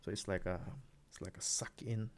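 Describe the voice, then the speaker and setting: Man, low voice, music producer, relaxed rambling explanation, home studio tutorial. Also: normal speed, very noisy. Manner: relaxed, rambling, many fillers and restarts. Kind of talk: casual screen-recorded tutorial.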